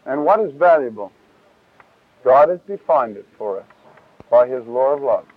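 A man teaching from the Bible in a casual, lively way, acting out the voices in the passages. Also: mid-range voice, moderate pace, no echo. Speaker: preacher. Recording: tinny, lo-fi 1970s tape.

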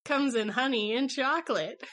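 A middle-aged woman co-hosting a podcast, chatting casually with quick, wry joking asides. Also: high voice, a bit bright. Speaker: podcast co-host.

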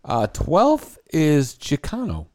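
A man's voice: fairly high pitch, huge pitch swings, slow, a little mellow. A man co-hosting a casual morning talk show, reading out survey results and joking between items. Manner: reads survey results aloud with jokes. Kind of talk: casual chat.

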